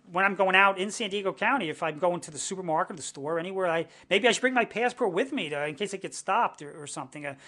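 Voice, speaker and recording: A middle-aged man from the United States recounts his experience in a high-pitched voice. He talks in a halting way, circling back with restarts and fillers. His tone stays earnest and indignant throughout. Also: fairly bright tone. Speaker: interviewee. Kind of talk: personal testimony to camera.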